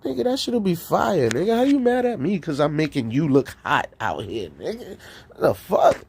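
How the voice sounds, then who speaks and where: A man talking casually on his live stream, rambling and profane, laughing between lines and swinging from loud outbursts to low mutters. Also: sing-song, normal speed, vocal fry, a little hiss or hum. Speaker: streamer and rapper.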